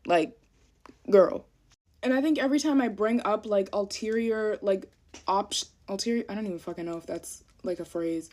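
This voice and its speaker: A woman's voice: mid-range voice, normal speed, darkish tone. A young woman, a college student, in a profane, self-deprecating rant to camera while getting ready. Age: young adult.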